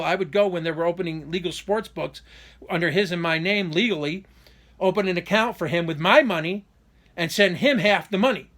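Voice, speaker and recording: Guy with a fairly high voice ranting to camera, keeps restarting sentences, sounds wronged and fired up. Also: fairly bright tone. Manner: rambling, restarts often, indignant and aggrieved. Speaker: vlogger giving a personal update. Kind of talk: unscripted monologue.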